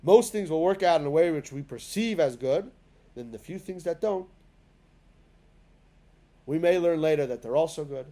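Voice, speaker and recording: A man giving a spoken lesson to a class, with a fairly high voice. He talks in a relaxed, conversational way and often restarts his sentences and fills gaps with small words. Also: normal speed, long pauses. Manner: conversational, many fillers and restarts. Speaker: teacher of a synagogue class. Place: synagogue classroom.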